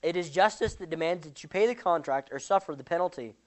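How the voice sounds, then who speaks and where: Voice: mid-range voice, fast talker, natural voice. A speaker reading a parable aloud and voicing a stern male creditor who insists on justice. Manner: firm, insistent.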